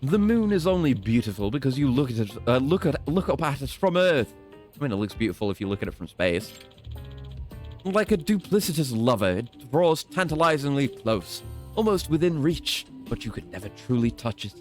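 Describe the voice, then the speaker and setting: A man voicing a haughty young gentleman rival, grandiose and condescending. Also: mid-range voice, sing-song, moderate pace, faint music behind, lightly acted.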